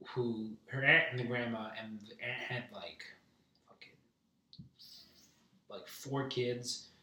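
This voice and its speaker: A man's voice: mid-range voice, sharp tone, slight background noise. A young man telling a rambling, profane story in casual chat, heard from a distance in a room. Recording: roomy, distant mic.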